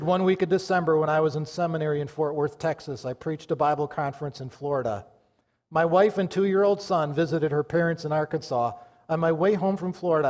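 A male pastor preaching a sermon with fervor, rising loud and then dropping to a hush. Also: fairly high pitch. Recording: long reverb of a large church hall.

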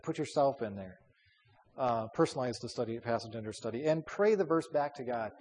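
A man's voice: medium pitch, lively intonation, fairly quick, darkish tone. A man leading a Bible study as a pastor, talking in a conversational way with fillers and repeated words. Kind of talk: informal Bible study teaching. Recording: long hall reverb.

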